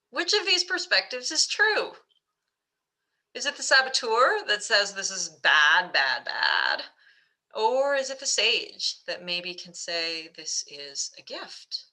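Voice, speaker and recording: A woman's voice: fairly high pitch, sharp tone, low-quality recording. A woman coach presenting a webinar, telling a story in a chatty way with fillers. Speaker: mental fitness coach.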